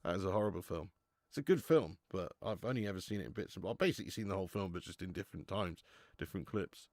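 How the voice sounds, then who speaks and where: A man's voice: sits low, quick pace, darkish tone, dry recording. A man hosting a live football watch-along, chatting casually, swearing and reading out viewer messages.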